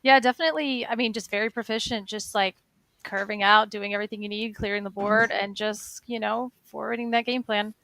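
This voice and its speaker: A woman giving relaxed, chatty analysis of a card game match as a guest caster. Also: medium pitch, fairly quick, low-quality recording. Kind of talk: live game commentary.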